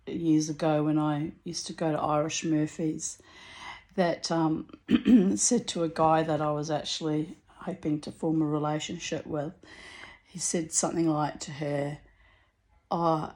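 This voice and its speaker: A middle-aged woman telling a story to the camera in a casual vlog, laughing often and going high and loud when excited. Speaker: vlogger.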